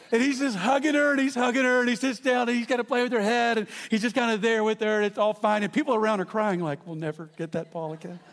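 Man, pastor, high voice, animated sermon, long hall reverb. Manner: animated storytelling with asides to the congregation.

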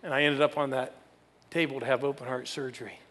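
A man's voice: mid-range voice, steady tone, quick pace, fairly bright tone, big-room sound. A man in his sixties, a pastor telling a personal story in a sermon, playfully drawing in the audience. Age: 60s.

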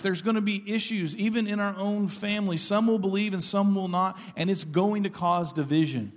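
A middle-aged pastor preaches a sermon in an earnest, conversational way, making asides to the congregation. His voice sits high, he speaks at normal speed with few pauses, and the church sanctuary adds long reverb.

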